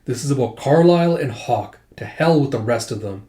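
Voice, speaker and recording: A man reading an older male warlord doctor, cool, dry and measured. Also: medium pitch, animated, mellow, roomy sound, close to an everyday voice. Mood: cold.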